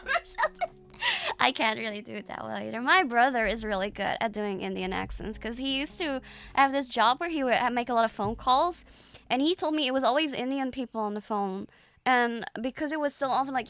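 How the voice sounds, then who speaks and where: A woman's voice: fairly high pitch, a bit bright. A young adult woman streamer chatting casually with her viewers, rambling and hesitant with many restarts and fillers.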